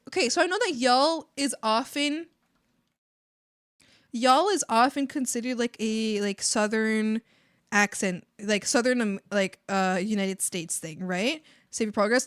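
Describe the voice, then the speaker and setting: A bubbly Canadian woman chats casually on her live art stream, rambling and giggling as she goes. Her voice is bright and fairly high. The sound is close and dry. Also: measured pace, no echo. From Maritimes, Canada.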